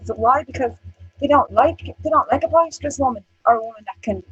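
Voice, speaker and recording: A woman's voice: high-pitched, fast, highs cut off, a little hiss or hum. A woman co-hosting a casual chat show, blunt and sweary, acting out what others say about her. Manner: blunt, sweary, animated, acts out other people's remarks. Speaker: co-host.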